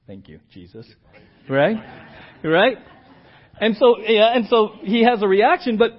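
A man preaching a sermon as pastor. He acts out the scripture voices with big jumps in pitch and loudness and keeps asking his congregation "right?". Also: breathy edge. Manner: animated, acts out quoted lines with big swings in pitch and volume; asks the congregation questions and often checks in with "right?". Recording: dull lo-fi church audio.

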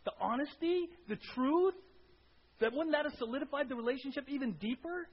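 A male pastor giving a conversational sermon with an animated delivery, often checking in with the congregation by asking "right?". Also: very high-pitched, a little fast. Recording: dull lo-fi recording with faint hiss.

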